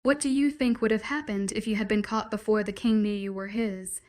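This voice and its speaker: A woman reading the lines of a protective young male town leader in a werewolf story, gentle and worried. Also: medium pitch, steady tone, a little fast, natural voice. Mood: scolding. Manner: gentle, worried, then scolding.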